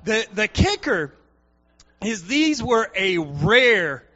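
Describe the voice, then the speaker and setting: A man preaching a sermon, telling a personal story in an animated way and acting out the voices of the people in it. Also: high-pitched, slow, highs cut off.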